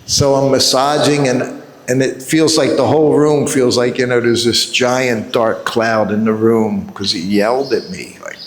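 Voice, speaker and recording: A man's voice: medium pitch, steady tone, measured pace, a little hiss or hum. A man in his seventies giving a religious class, telling a personal story and chuckling often. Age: 70s. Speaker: devotee giving a scripture class. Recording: echoey hall with long reverb.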